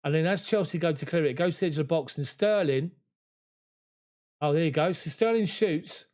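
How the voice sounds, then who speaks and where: A man's voice: on the high side, quick pace, a little mellow. A man giving live, emotional, conversational play-by-play of a football match from a fan's point of view, at home. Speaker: fan commentator.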